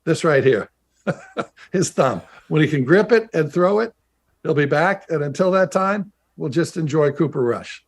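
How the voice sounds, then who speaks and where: A man, a former player turned team broadcaster, chatting in a casual interview over a video call and telling stories in an animated way. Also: fairly high pitch. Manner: storytelling, animated, quick asides.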